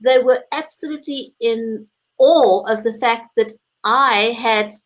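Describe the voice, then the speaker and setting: A woman's voice: fairly high pitch, unhurried, rough recording. A woman co-hosting a live chat over a video call, speaking in an earnest, storytelling way. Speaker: co-host.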